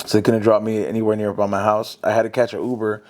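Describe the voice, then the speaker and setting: A man's voice: lowish voice, quick pace. A man, a podcast guest telling a story in casual, slangy talk and dropping "fool" and "bro" often. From South Central Los Angeles. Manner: slangy, animated, says fool and bro a lot.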